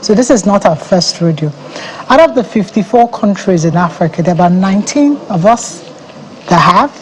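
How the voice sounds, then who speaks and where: A woman's voice: medium pitch, expressive, normal speed, slight background noise, rough recording. A Nigerian woman, head of an agency, explaining confidently as a guest in a TV news studio interview. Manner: confident, explanatory, laughs easily.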